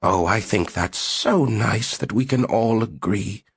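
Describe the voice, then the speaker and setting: A man doing a frail, very old woman who gushes with delight and drops into a confiding hush. Raised pitch, slow and drawn out, a touch husky, as in a storybook reading. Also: no echo, studio quality, exaggerated voice. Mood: gushing. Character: elderly woman sociologist, frail, gushing and sweet.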